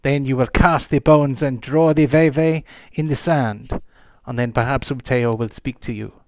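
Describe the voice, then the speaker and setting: A man voicing a solemn woman voodoo priestess with a put-on slight French-Caribbean accent, speaking slowly and gravely in a tabletop game. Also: mid-range voice, darkish tone, no room sound, close to an everyday voice. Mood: ritual.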